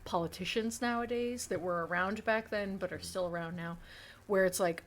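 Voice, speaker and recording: A woman's voice: mid-range voice, steady tone, normal speed. A young woman co-hosting a podcast, talking in casual, rambling chat with lots of fillers. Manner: chatty, rambling, many fillers. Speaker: podcast co-host.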